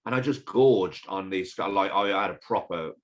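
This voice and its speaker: A man from England, a fitness event founder, chatting as a podcast guest, lively and blunt, with the odd swear word. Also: deep voice, moderate pace. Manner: animated, swears, storytelling. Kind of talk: casual interview chat.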